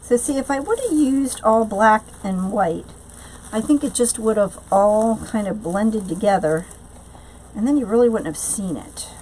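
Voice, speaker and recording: In an unhurried, darkish voice of middling pitch, a woman hosts a live craft tutorial, chatting loosely and responding to viewers' comments as they come. Her talk is padded with frequent fillers and trailing restarts, and a faint hiss runs under the rough recording.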